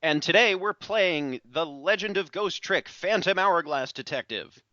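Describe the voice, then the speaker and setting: A man's voice: high voice, animated, unhurried, pushed and bright, no echo. A man co-hosting video game commentary, joking around and asking lots of questions. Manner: joking, inquisitive, laughs often. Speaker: let's play co-host. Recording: dull lo-fi recording. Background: game music.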